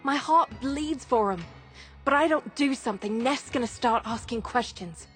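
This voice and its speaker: An actress playing a gruff, seasoned woman who leads a workers' union in a video game; she talks in blunt, clipped, weary lines. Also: fairly high pitch, expressive, moderate pace, a bit bright, faint music behind. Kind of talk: video game character dialogue.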